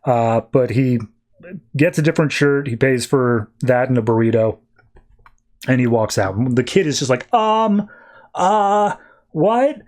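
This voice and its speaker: A man's voice: mid-range voice, steady tone, moderate pace, a little mellow. A man hosting a podcast, casually recapping a comic and acting out the characters' lines as he goes. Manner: rambling storytelling, acts out quotes. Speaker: podcast host.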